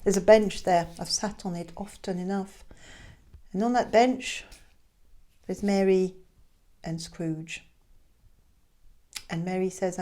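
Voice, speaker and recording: A woman telling a classic tale aloud in a chatty, expressive way with hesitant asides. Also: on the low side, takes it slowly, pauses often. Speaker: storyteller. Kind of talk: informal oral storytelling.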